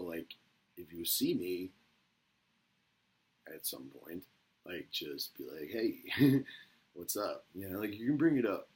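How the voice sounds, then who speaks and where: A man talking casually to the camera in a rambling, profane way. He gets excited at times and drops into a mumble at others. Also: sits low, breathy edge, low-quality recording.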